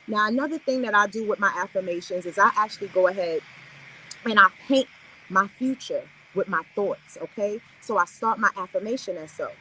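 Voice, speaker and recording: A woman's voice: mid-range voice, a little fast, bright, forceful tone, slight background noise, rough recording. A woman hosting a live affirmation stream, giving an upbeat, preachy motivational talk and chatting with her viewers.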